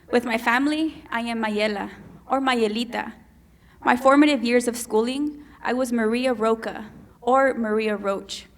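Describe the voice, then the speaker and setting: Woman from Mexico, keynote speaker, slightly high voice, measured and lyrical poetic delivery. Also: vocal fry. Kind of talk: poetic spoken presentation. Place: conference hall.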